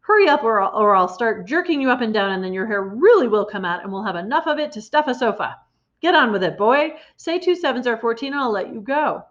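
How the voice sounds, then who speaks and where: A woman's voice: a little high, lively intonation, quick pace, natural voice. A woman voicing a huge, bullying headmistress who bellows insults and drips with sarcasm, read from a storybook in a slightly muffled recording. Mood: bellowing.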